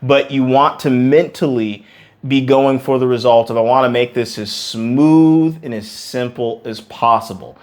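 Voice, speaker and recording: An emphatic male vocal coach explains singing technique straight to his students. He leans on repeated words for stress. Now and then he drops into a quick sung demonstration before going back to talking. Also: mid-range voice, darkish tone. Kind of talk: singing lesson to camera.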